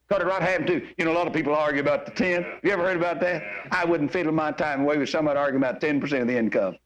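A man's voice: a little high, rapid-fire, few pauses, fairly bright tone. An older man preaching a sermon, folksy and exhorting, full of homespun stories.

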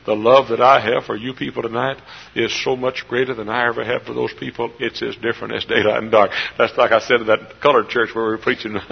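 A middle-aged man from Texas, a pastor preaching a sermon in a church. He climbs into loud emotional peaks, then drops back to quiet, confiding storytelling. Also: mid-range voice, flat delivery, a little fast, creaky, husky. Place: church sanctuary. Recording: dull lo-fi sermon tape.

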